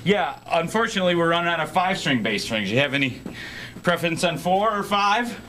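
A music store owner hosts a casual local TV show from his shop, joking, rambling and playful while sounding tired and out of breath. His voice is on the high side, sing-song, sharp and fairly quick, moving between on-camera banter and phone calls.

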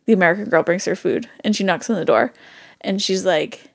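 A woman's voice: mid-range voice, fairly quick, vocal fry. A young adult woman co-hosting a podcast in casual chat, chatty and eager to tell stories. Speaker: podcast co-host.

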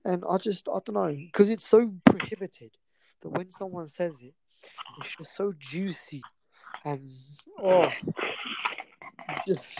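A man's voice: sits high, slow pace, creaky, pauses often, background noise. A man co-hosting a casual chat, rambling and effusive, easily going off on tangents. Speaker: podcast co-host.

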